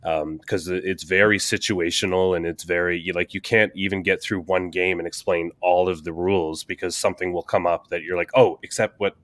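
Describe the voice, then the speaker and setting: A man's voice: low voice, level tone, fairly quick, few pauses, fairly bright tone, no echo. A Canadian man co-hosting a casual sports podcast, chatting, joking and reading out viewer comments. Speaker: podcast co-host.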